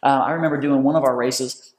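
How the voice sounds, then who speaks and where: A pastor giving an energetic, excited sermon. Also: male voice, medium pitch, fast.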